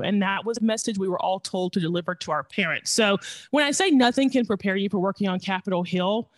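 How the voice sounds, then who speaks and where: A man's voice: sits high, fast, dry recording. A man from Tennessee telling stories in a casual interview, acting out quoted lines. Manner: animated anecdote teller who acts out quotes. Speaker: podcast guest, former congressional staffer.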